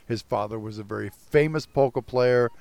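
A man's voice: medium pitch, normal speed, creaky, a little mellow, no echo. Opinionated podcast co-host man. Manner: opinionated, swearing, emphatic. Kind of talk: casual chat.

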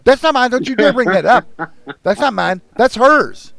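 A man imitating a flustered old woman at a checkout counter, protesting in a high, shrill, indignant voice. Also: expressive, normal speed, vocal fry, fairly bright tone, dry recording, full character voice.

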